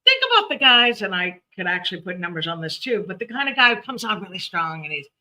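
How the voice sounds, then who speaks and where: A woman hosting a live stream, giving numerology readings in a chatty, animated way and laughing often. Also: medium pitch, quick pace. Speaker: numerologist host.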